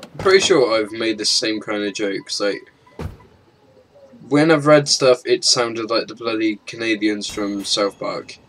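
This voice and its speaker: A man's voice: lowish voice, a little slow, fairly bright tone, a little hiss or hum, rough recording. Offhand man doing game commentary. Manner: rambling, offhand, self-mocking. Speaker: gaming YouTuber. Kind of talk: casual let's-play commentary.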